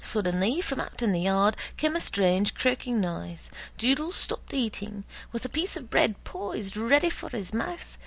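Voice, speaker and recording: Slow, husky woman reading a story. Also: on the high side, poor audio. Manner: slow, hushed, often whispered. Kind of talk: storybook narration.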